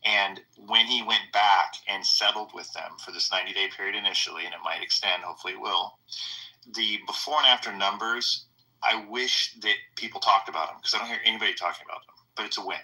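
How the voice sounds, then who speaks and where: A man's voice: on the low side, fast, bright, forceful tone, low-quality recording. A man calling in with casual political commentary, emphatic and rambling as he leans on numbers. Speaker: caller.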